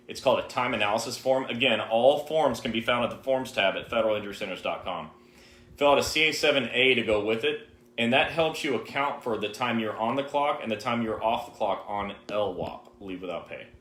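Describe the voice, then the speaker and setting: Emphatic male co-host, low and roomy. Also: a bit bright. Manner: direct, emphatic advice-giving. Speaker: co-host answering viewer questions. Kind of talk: live-stream Q&A chat. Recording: roomy, echoey live stream.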